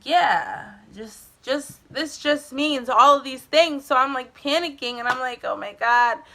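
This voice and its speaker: A woman's voice: high-pitched, a little slow, bright, forceful tone, slight background noise. Chatty young woman telling a storytime. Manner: candid and chatty, swears, many "like" fillers. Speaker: vlogger. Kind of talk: casual storytime. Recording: music playing under the voice.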